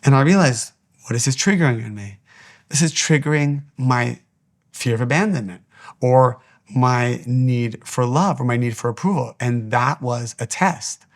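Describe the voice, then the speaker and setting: A man's voice: mid-range voice, moderate pace. A man giving a spiritual teaching monologue, speaking earnestly and repeating his exhortations.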